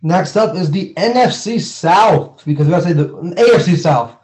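A man's voice: a little high, normal speed, low-quality recording. Laughing young man talking football. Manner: animated, laughs often, slangy. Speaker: podcast co-host. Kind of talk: casual sports chat.

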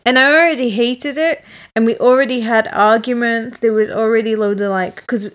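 A woman's voice: a little high, normal speed. Chatty young woman telling a story. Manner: animated, laughing, chatty with many fillers. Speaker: podcast co-host. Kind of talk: casual storytelling.

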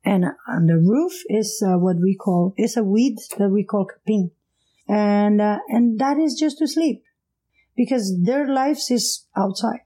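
Portuguese-accented woman guest, middle-aged, animated storyteller, mellow warm tone. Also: medium pitch, a little slow, rough recording. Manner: animated, laughs often, acts out voices. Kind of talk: casual storytelling.

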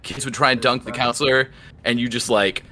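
A young man co-hosting a podcast, telling stories in a casual, animated way and acting out the dialogue. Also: medium pitch, a little fast. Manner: animated storyteller, acts out dialogue. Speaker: podcast co-host. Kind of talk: casual chat.

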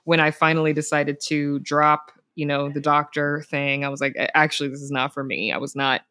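A woman's voice: low voice, fairly even intonation, fairly quick, pushed and bright, smooth, no echo, clean studio sound. A woman in her thirties, a podcast guest, telling her story in casual chat and acting out the voices of people she quotes.

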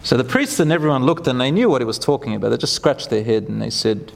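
Male preacher, animated storyteller, chants verses, reverberant hall recording. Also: medium pitch, quick pace, vocal fry. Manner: animated, acts out quotes, chants Quran verses. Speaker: Islamic preacher. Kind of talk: storytelling sermon.

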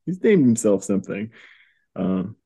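A man with a fairly low voice co-hosts a casual podcast, recapping a comic book. He rambles with lots of fillers and breaks into laughter. His talk is loose and chatty. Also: big pitch swings, a little slow, gravelly, warm tone, slightly rough. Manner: rambling, laughs often, acts out quotes. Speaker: podcast co-host.

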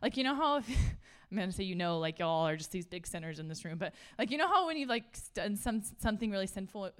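Woman, casual sermon, chatty and animated with frequent laughs, mid-range voice, talking to a room. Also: mid-range voice, fast talker, smooth. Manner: chatty and animated, laughs often, says "like" a lot. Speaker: speaker at a church gathering. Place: room full of listeners.

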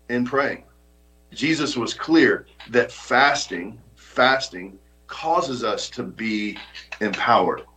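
A man's voice: mid-range voice, a bit bright, rough recording. A man preaching a sermon as pastor, earnest and emphatic, often repeating his points.

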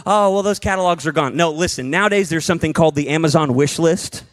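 A man in his thirties preaching a sermon as a pastor, animated and acting out little dialogue bits. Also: fairly high pitch, fast talker.

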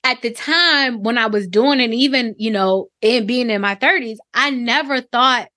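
A woman's voice: on the high side, bright, forceful tone, dry recording. Reflective woman telling her story, dry sound. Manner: reflective, halting, with many fillers. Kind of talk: personal storytelling on a podcast.

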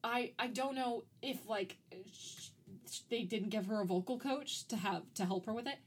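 A woman's voice: a little high, normal speed, slightly rough. A woman co-hosting a podcast in casual chat, talking loosely with lots of "like" fillers and easy laughs. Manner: chatty, frequent "like" fillers, laughs easily. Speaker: podcast co-host.

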